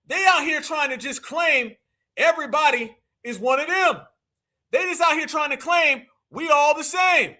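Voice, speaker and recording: A man hosting a live commentary stream, talking in an animated, mocking, preachy way and sometimes shouting. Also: very high voice. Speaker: livestream host.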